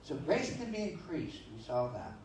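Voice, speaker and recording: A pastor preaches in a church sanctuary, recorded from far off with echo and slight background noise. His voice is on the high side and very animated, moderately paced and a little mellow, as he tells folksy stories and reads scripture with many restarts and asides.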